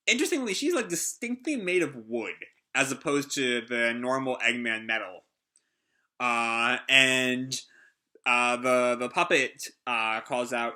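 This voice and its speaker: Bright, rambling male comic reader. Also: mid-range voice, unhurried. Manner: rambling, lots of fillers. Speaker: comic reaction host. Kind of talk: live comic read-through commentary.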